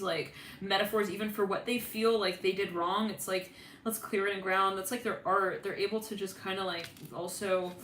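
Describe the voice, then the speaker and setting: A woman's voice: mid-range voice, a bit bright. A woman doing a loose, chatty tarot reading. Her talk is full of fillers, restarts and giggles. She sounds like she is in a roomy space, with faint noise in the background. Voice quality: giggly, rambling with many fillers. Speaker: tarot reader. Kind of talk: casual intuitive reading.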